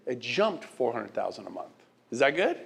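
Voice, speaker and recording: A man's voice: mid-range voice, sing-song, moderate pace, creaky, a bit bright, slight background noise. Emphatic middle-aged male motivational speaker. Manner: emphatic, rhetorical questions to the crowd; repeats and restarts words. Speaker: guest speaker. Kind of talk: motivational speech to an audience.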